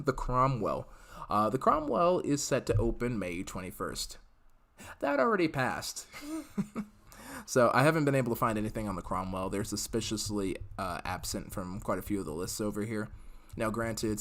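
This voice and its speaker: A man's voice: deep voice, fairly bright tone. A young man casually hosting a live podcast, chatting and rambling with lots of fillers. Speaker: podcast host reading live chat. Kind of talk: casual live-stream chat.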